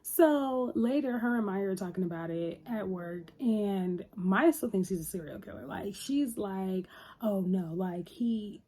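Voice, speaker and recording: A woman's voice: mid-range voice, expressive, measured pace, hardly any pauses, dark tone. A woman casually recapping a TV episode in a loose, chatty retelling. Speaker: TV reviewer.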